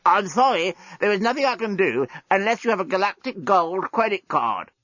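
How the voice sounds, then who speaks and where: Fussy strangled robot clerk, voiced by a male narrator, high and swooping, for a sci-fi audiobook. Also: wildly swooping pitch, fairly quick, fairly bright tone, breathy edge, no room sound, muffled recording, exaggerated voice. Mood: servile. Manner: simulated strangled voice. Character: pompous prissy male desk robot.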